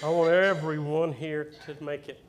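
A man preaching in a church, exuberant, shouting praises and singing in between. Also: on the high side, flat delivery, moderate pace, slight background noise. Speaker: pastor. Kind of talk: sermon. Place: church sanctuary.

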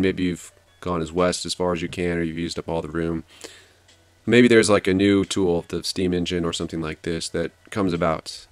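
A man's voice: deep voice, no echo. A man hosting a study channel, summarizing and explaining a history book in a casual way, thinking aloud with fillers and restarts. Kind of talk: casual study-guide commentary.

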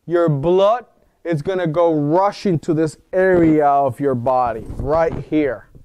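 Male wellness teacher, high smooth voice, chatty lecturing. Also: slow, no room sound, lo-fi sound. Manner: animated, acts out quoted voices, asks the room questions. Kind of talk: informal lecture.

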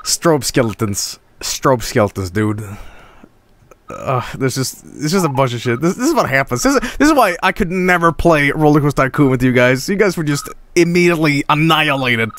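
A man streaming a video game with casual commentary, profane and excitable, often cracking up laughing. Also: on the high side, normal speed.

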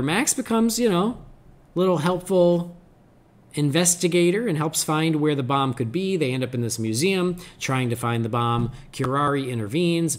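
A man co-hosting a podcast, giving a rambling, animated recap of a cartoon episode in casual chat. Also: fairly high pitch. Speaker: podcast co-host.

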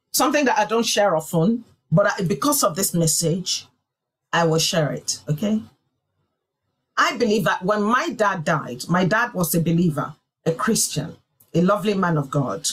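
Husky-voiced woman preaching a sermon. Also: medium pitch, low-quality recording. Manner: emphatic preaching with repeated phrases. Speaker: pastor.

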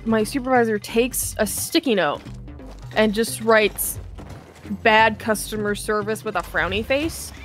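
A woman's voice: a little high, animated, measured pace, soft background music. A young woman casually telling a long work story, acting out customers' lines and laughing often.

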